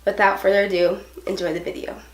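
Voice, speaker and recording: A woman vlogger opening her video to camera, rushing to keep the intro short. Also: mid-range voice, level tone, noisy background. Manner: hurried, aiming to talk fast. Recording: echoey room.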